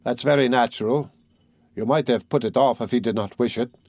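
A man reading an audiobook, voicing a lazy, self-important young doctor who speaks slowly and offhandedly, with hesitant fillers. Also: medium pitch, darkish tone, dry recording, lightly acted.

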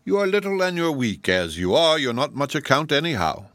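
A man's voice: on the high side, very animated, a little fast, fairly bright tone, no echo, voice pushed up. A huge, falsely sweet giantess witch, as a man puts her on in a storybook reading speaks in a raised voice full of cool scorn. She sounds sure of her power over everyone. The sound is dry and close. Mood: scornful. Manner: mocking, coolly self-assured.

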